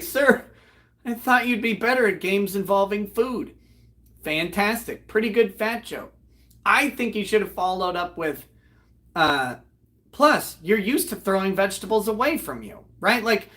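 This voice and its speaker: A man, host of a live online show, retelling a comedy act in a loud, profane, animated way and breaking into laughter. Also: sits high. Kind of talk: casual storytelling on a livestream.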